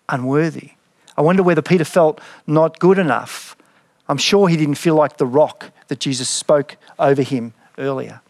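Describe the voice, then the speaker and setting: A man's voice: a little high, no echo. A man, a pastor, preaching a sermon in an earnest, reflective way and reading scripture dramatically.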